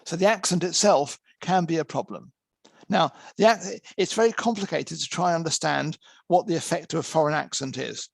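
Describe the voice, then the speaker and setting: A man delivers a lecture to students. His voice sits a little high and has a gravelly texture. The sound is dry and close, and he explains in a measured way, correcting himself now and then. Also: no echo. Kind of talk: lecture on interpreting.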